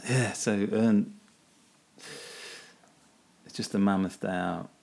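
Gravelly low-voiced man musing. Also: steady tone, slow pace, darkish tone. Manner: rambling, self-deprecating, often laughing at himself. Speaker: podcast host. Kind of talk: casual solo musing.

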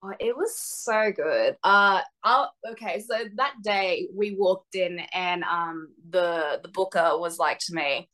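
A young woman wrestler chatting as a podcast guest, bubbly and quick to laugh, full of exclamations. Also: fairly low pitch, fairly bright tone. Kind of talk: casual podcast chat.

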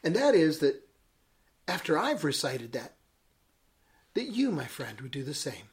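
A man voicing a famous, humbled stage actor who speaks in a measured, solemn way. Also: fairly high pitch, big pitch swings.

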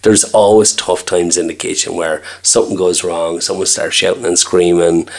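A man's voice: sits low, flat delivery, moderate pace, gravelly. A middle-aged Irish man, a restaurant owner and chef, chatting in an interview and acting out the dialogue in his stories. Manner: chatty storyteller, acts out quoted dialogue. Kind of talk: casual interview chat.

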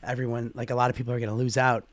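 A man co-hosting a podcast in casual chat, reading out listener comments and jumping into excited high bursts. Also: very fast, no echo. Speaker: podcast co-host.

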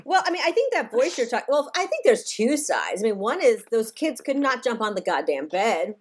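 A woman hosts a casual chat, cutting in with a steady stream of yeses and quick jokes. Her voice sits fairly high and swoops a lot as she talks. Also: a little hiss or hum. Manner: eager backchanneling, jokey, laughs readily.

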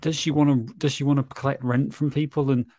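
A man co-hosting a podcast, chatting casually about a film, halting and restarting as he thinks aloud. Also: medium pitch, little pitch movement, mellow, a little hiss or hum. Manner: halting, restarts often, laughs along. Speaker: podcast co-host. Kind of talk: casual film-review chat.

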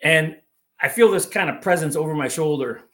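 A man's voice: a little high, normal speed, fairly bright tone, a little hiss or hum. A man guest on a podcast, telling a story casually and animatedly, full of filler words and acted-out quotes.

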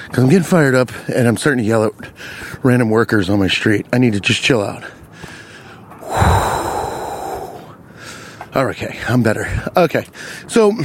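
A young man hosting a podcast, telling a rant-style story outdoors on a city street, animated and profane. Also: mid-range voice, a little hiss or hum. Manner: animated, profane, riffs on his own story. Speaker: podcast host.

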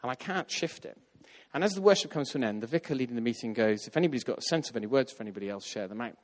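A man preaches in a storytelling style, mid-pitched and animated. He slips into other people's voices as he tells the story. His voice rings with a long reverb from a large hall. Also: very fast. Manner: animated, acts out quoted voices. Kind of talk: storytelling sermon.

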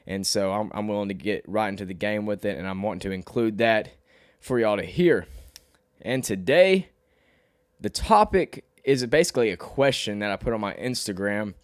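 A man's voice: moderate pace, no echo, studio quality. A young man from Arkansas with a slight Southern twang, hosting his own podcast in a rambling, self-deprecating monologue. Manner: rambling, self-deprecating, restarts often, rises in pitch when animated. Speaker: podcast host and rapper.

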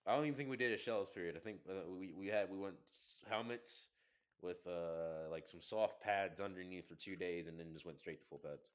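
A young man, a college football player, chatting casually in a relaxed way, with halting restarts and casual swearing. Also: deep voice, clear, resonant tone. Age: young adult. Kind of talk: casual chat.

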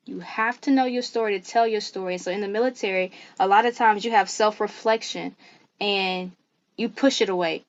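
A woman guest on a faith-based podcast, talking earnestly in an animated, preacherly way. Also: medium pitch, brisk, lo-fi sound.

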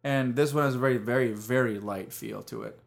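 A man in his twenties co-hosting a casual podcast, talking in a relaxed, hesitant way full of restarts. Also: medium pitch, fairly quick, gravelly. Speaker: podcast co-host. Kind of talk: casual chat.

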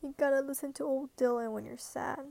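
A teenage girl rambling into her camera at home, high-voiced and gravelly with vocal fry. She's anxious and self-deprecating, with frequent nervous laughs. Her speech is loose, unscripted and full of fillers. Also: fairly even intonation, brisk, dark tone, no echo. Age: late teens. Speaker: vlogger. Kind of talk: casual rambling monologue.

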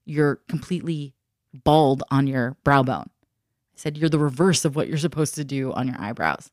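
Woman, low voice, chatty storyteller, laughs a lot, acts out quotes, dry close sound. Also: normal speed, darkish tone, no room sound. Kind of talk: casual chat.

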